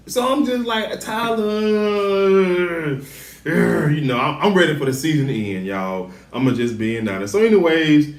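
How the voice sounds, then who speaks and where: A man hosting a casual TV episode recap, talking in animated slang and acting out the characters' lines. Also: high-pitched, measured pace, recorded from a distance. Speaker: TV show recap host. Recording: roomy sound, set back from the mic.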